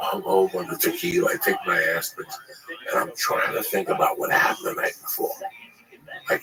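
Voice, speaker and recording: A male comedian telling crude, animated stories in casual chat, acting out the people in them. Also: on the high side, gravelly, rough recording.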